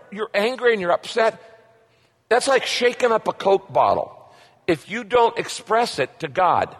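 A man's voice: on the high side, a bit bright. A middle-aged man preaching a sermon as a pastor, emphatic and repetitive, asking rhetorical questions. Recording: long hall reverb.

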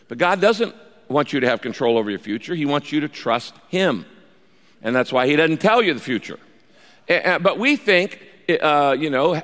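A man preaching a sermon as a pastor, telling the story in a lively way and acting out the quoted speech. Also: a little high, big-room sound.

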